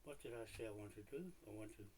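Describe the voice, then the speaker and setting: A man's voice: on the low side, quick pace, darkish tone, slight background noise, poor audio. A man grumbling and swearing to himself in his home office while he waits for people on a live stream.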